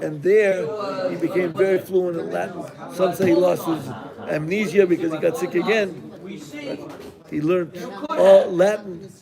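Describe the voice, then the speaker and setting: Gravelly-voiced rabbi telling a story. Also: male voice, sits high, unhurried, a crowd in the background. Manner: animated, acts out the characters. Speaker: rabbi teaching a class. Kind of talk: dramatic storytelling in a lesson. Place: classroom.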